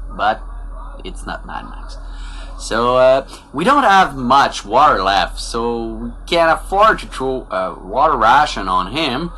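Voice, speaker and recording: A man calls in with an accent. His English is halting, and his pitch swings widely. His tone is bright and forceful over faint background ambience. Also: slight background noise. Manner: animated, halting non-native English. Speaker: caller.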